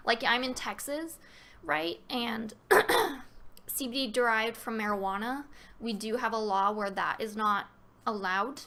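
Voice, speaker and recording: A woman's voice: a little high, creaky, pushed and bright. A woman hosting a casual live-stream Q&A, talking loosely with many fillers and restarts and reading viewer questions aloud.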